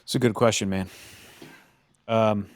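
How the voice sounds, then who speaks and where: Low-voiced man in casual film chat. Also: fairly even intonation, a little slow, a little hiss or hum. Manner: jokey, puts on mock British voices. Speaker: movie reaction co-host.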